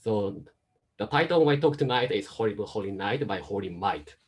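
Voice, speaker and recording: Husky low-voiced man with mixed accent. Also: fairly quick. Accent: Japanese, Chinese and American mix. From Japan, raised in Hong Kong. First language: Japanese. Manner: steady explaining, careful phrasing. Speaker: guest speaker, medical doctor. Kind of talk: online science talk. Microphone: video call.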